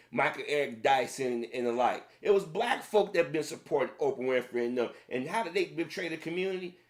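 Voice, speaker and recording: Man ranting in a heated tone. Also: on the high side. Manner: heated, repetitive, addressing the audience directly. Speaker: commentator. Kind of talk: opinion rant to camera.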